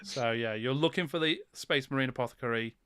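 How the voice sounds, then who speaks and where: A man's voice: medium pitch, a little fast, a crowd in the background. A man hosting a casual livestream quiz, playful and teasing, often breaking into laughter. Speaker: quiz host.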